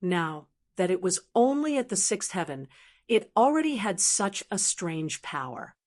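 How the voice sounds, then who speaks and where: A woman narrating a fantasy novel audiobook at a mid pitch. Her reading is steady and even, with a scripted storytelling delivery. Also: a little slow.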